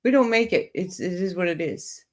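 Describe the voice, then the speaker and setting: This true crime livestream host is a woman with a fairly low voice and lively intonation, talking at a moderate pace. Coming down with a cold, she chats casually with viewers and reads their comments.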